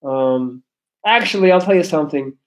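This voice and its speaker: Loud animated man, American accent. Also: on the high side, moderate pace, rough recording. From Belgium. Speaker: livestreamer. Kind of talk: casual live stream chat.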